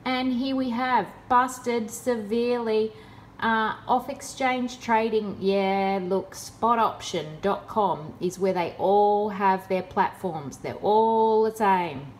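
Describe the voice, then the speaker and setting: A woman's voice: medium pitch, slow, a little hiss or hum. A woman in a casual vlog, talking in a sarcastic, exasperated way. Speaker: vlogger.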